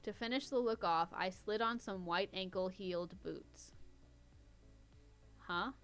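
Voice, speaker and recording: Here the same woman reads at a slightly slow pace, her medium-pitched voice fairly bright over faint background music. Wry as ever, she pauses the casual reading to poke fun at the prose.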